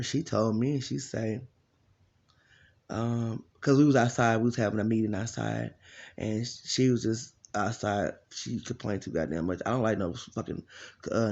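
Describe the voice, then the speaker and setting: A man talking as a life coach in a blunt, profane, casual rant, telling stories with loud quoted voices. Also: fairly low pitch, muffled recording.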